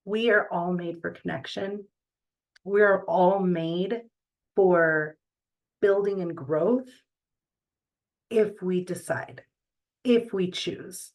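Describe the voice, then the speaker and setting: A middle-aged woman giving a reflective motivational talk, earnest and deliberate, with pauses between phrases. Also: fairly low pitch, a little mellow, rough recording.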